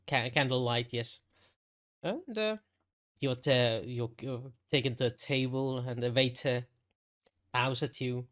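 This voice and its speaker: A man's voice: medium pitch, fairly bright tone. A man running a tabletop game as game master, narrating in a hesitant way with many fillers and frequent laughs.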